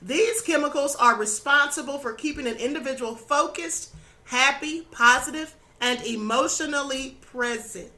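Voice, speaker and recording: At a moderate pace, a channel host offers an earnest, instructive spiritual lesson. Her high, bright voice sounds a little worn, as if she's slightly losing it, and she peppers her talk with "okay?" and "you know."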